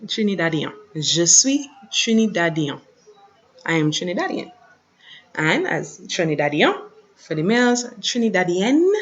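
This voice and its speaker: A woman teacher, patiently running an online French lesson and repeating words slowly, recorded on a computer mic. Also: on the low side, highs cut off. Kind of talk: online lesson over shared slides.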